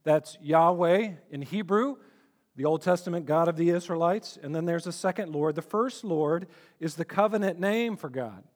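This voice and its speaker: A man's voice: on the high side, normal speed. A male pastor preaching a sermon, earnest and emphatic, often repeating words as he builds a point.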